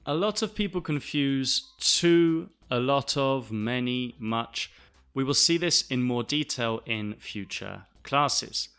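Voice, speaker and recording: A man from the south of England with a Southern English accent, explaining English vocabulary to learners in a clear, deliberate way. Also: medium pitch, animated, fairly bright tone. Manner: clear, deliberate, spells words out. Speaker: English teacher, podcast host.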